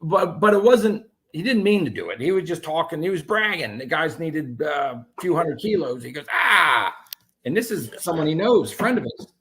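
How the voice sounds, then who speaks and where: A man telling his own story as an interview guest, animated and profane, with many restarts. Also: on the high side, brisk, few pauses.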